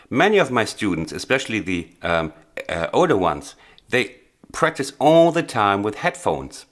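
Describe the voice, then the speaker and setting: A man teaching a blues piano lesson, explaining earnestly and with emphasis, pausing with small hesitations. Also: on the low side, lively intonation, fairly bright tone. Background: faint piano playing.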